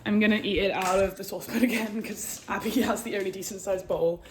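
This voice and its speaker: A woman's voice: mid-range voice, steady tone, fast talker. Giggly, hyper woman vlogging. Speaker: swimmer vlogging at competition. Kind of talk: casual vlog to camera. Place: hotel and pool area, indoors. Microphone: handheld phone camera. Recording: background noise, ambience.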